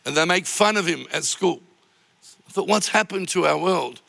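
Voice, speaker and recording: A man's voice: high-pitched, animated, normal speed, gravelly, bright, forceful tone. A man preaching a sermon as pastor, telling personal stories with emotional, impassioned delivery. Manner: emotional storytelling, rising to impassioned cries. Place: large church auditorium. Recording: long reverb of a large church hall.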